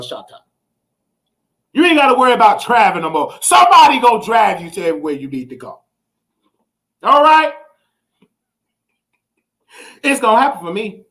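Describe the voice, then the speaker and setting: A man hosting a livestream talk show, swinging from preachy, excited exclamations and scatting sounds to relaxed explaining. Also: high-pitched. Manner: relaxed explaining when giving money tips. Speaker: show host.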